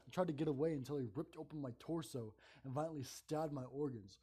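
Mellow man reading a horror story. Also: fairly high pitch, fast talker, few pauses, husky.

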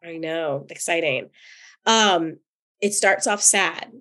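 A woman from North Carolina co-hosting a podcast as a therapist, telling personal stories in an animated, chatty way with frequent laughter. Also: on the low side, slow. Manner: animated, laughs often, chatty with many fillers. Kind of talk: casual chat and personal storytelling.

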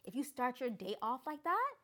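Speaking at a moderate pace in a high-sitting voice, a young woman who is a guest author swaps casual stories, animatedly performing what other people said.

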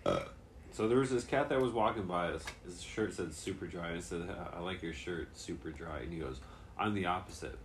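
Young guy, very low pitch, casual swearing storyteller, faint noise behind. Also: brisk. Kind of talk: casual chat.

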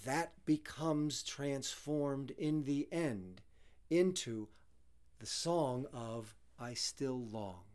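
A man's voice: medium pitch, drawn-out words, darkish tone. Earnest man teaching a psalm. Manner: earnest, emphatic, quotes and repeats Hebrew phrases. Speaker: Bible teacher. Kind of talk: conversational Bible study.

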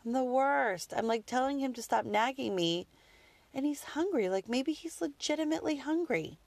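A woman's voice: high voice, animated, moderate pace, creaky, no room sound. Woman, mother, casual candid chat; rambling delivery, dry close recording. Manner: candid, rambling, full of "like" and "you know".

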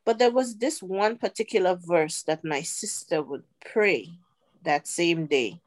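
A middle-aged woman sharing a personal testimony as a podcast guest, earnest and unhurried with pauses. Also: on the low side. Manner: earnest, slow storytelling with pauses.

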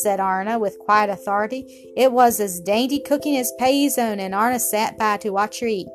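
A woman reading a storybook aloud, gentle and expressive, softening her voice for the characters. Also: medium pitch, fairly quick, hardly any pauses, faint music behind. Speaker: narrator. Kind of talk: storybook narration.

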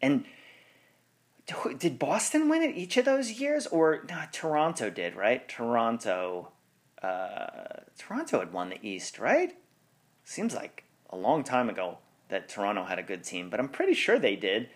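A man hosting a sports podcast in casual chat, rambling and correcting himself, with frequent laughs. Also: medium pitch. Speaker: podcast host.

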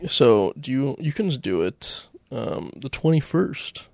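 A young stand-up comic co-hosting a podcast, joking around and doing mock-announcer plugs. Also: male voice, medium pitch, big pitch swings, measured pace, creaky, no echo. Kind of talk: casual comedic banter.

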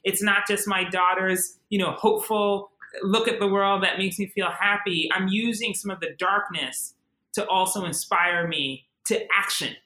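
Impassioned woman, bright echoey voice. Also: mid-range voice, fairly even intonation, moderate pace. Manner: impassioned, emphatic, repeats words. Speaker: guest. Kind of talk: candid conversation.

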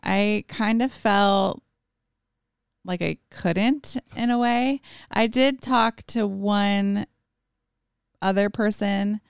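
Gravelly-voiced woman chatting casually. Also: mid-range voice, very slow, pauses often, dry recording, studio quality. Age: adult with children. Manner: chatty, lots of fillers and acted-out quotes. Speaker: podcast guest. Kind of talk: casual conversation.

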